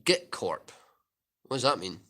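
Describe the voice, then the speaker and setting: A man's voice: medium pitch, sing-song, a little slow, bright, forceful tone, breathy edge. A Scottish man chatting casually on a livestream, reading viewer comments aloud and answering them. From Scotland.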